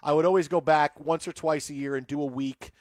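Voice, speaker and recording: A man hosting a sports radio show, with a fairly high voice and a close, dry sound. He rambles through anecdotes with plenty of fillers and restarts. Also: fairly even intonation, fairly quick, no echo. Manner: rambling storyteller with many fillers.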